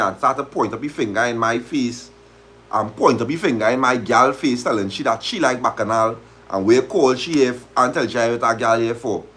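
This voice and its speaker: A man's voice: mid-range voice, a bit bright, slightly rough. A man hosting a live stream, reading a story aloud in dialect and reacting to it animatedly. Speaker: host of a live talk stream.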